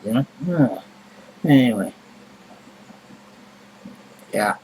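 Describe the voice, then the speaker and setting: A man's voice: medium pitch, slight background noise, rough recording. A man vlogging in a rambling, casual monologue, blunt and grumbling, with heavy swearing and many fillers.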